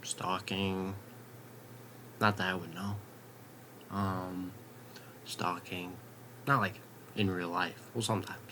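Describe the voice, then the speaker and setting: A young man vlogging in a late-night ramble at home, swearing casually and drifting into soft half-whispers. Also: sits low, little pitch movement, takes it slowly, pauses often, background noise.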